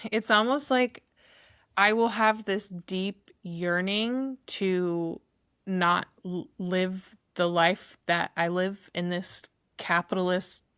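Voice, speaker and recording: Woman, podcast guest, slow, halting, dry sound. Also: medium pitch, smooth, dry recording. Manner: halting, many restarts and soft laughs. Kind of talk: casual conversation.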